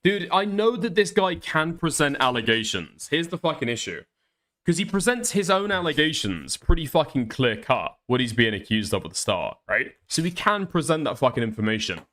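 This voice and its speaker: A man's voice: on the high side, big pitch swings, normal speed, fairly bright tone. A man hosting a reaction commentary, talking in a profane, exasperated, mocking way. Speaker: commentary host.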